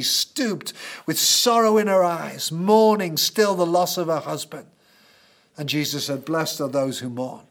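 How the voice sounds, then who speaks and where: A man preaching a sermon, telling stories earnestly and with emphasis. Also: high-pitched.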